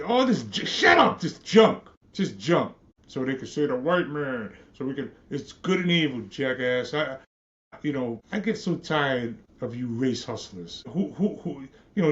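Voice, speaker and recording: A man's voice: mid-range voice, highs cut off. A man hosting a podcast, ranting in a profane, scornful, repetitive monologue. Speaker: podcast host.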